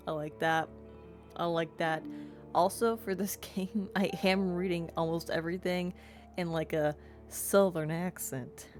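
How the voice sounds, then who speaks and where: Chatty woman streamer, low voice. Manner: chatty, playful, self-described yapper. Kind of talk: casual let's-play chat.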